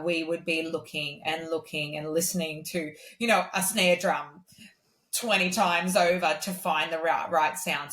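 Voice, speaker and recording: An Australian woman, a singer-songwriter, telling stories in a casual podcast interview, with lots of "um" and "like" fillers. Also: reverberant. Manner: animated, acts out others' lines in a much higher voice; many "um" and "like" fillers.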